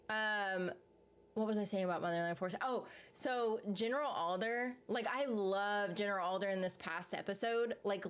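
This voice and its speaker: A woman casually chatting on a live stream, reading viewer comments aloud and rambling through her reactions with frequent laughs. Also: medium pitch. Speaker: YouTube streamer reading chat. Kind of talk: casual live-stream chat about a TV series.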